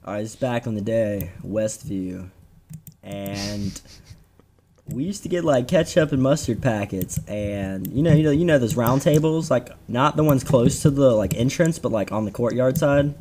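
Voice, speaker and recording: Young male co-host, laid-back teaser, mid-pitched voice, slight hiss in the recording. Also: lively intonation, a little slow, mellow. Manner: laid-back, teasing banter. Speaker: podcast co-host. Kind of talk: casual chat.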